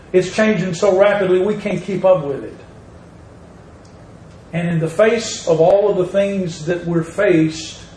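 A man's voice: high voice, darkish tone, slight background noise. A man preaching a sermon in a church, stretching out words and leaning hard on key phrases. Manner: slow, emphatic preaching with drawn-out words and rising stresses. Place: church sanctuary. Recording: echoey room with faint ambience.

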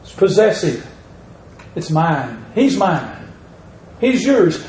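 A man's voice: fairly high pitch, very animated, a little mellow. A man preaching a sermon in a church, stretching out words and leaning hard on key phrases. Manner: slow, emphatic preaching with drawn-out words and rising stresses. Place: church sanctuary. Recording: echoey room with faint ambience.

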